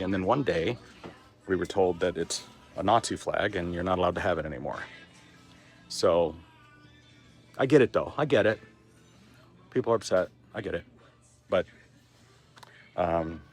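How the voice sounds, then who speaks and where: A middle-aged man from Texas talking candidly and with plenty of swearing in a casual vlog as he walks around. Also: low-pitched. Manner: candid and profane, talks while walking. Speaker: vlogger. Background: a dog barking.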